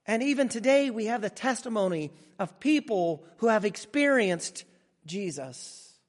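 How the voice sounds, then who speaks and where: A male pastor preaching in a high, lively voice that swoops up and down with emphasis. He takes his time, drawing phrases out slowly, and a long reverb from the large room trails every line. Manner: dramatic, emphatic preaching with slow drawn-out phrases. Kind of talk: sermon.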